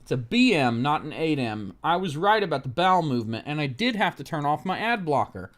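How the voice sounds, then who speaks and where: A man's voice: a little high, very animated, fairly quick, a bit bright. A man live-streaming a laptop repair, swearing at a website in exasperated rants and muttering through technical steps under his breath. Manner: exasperated, profane ranting at the screen. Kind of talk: live-stream tech commentary.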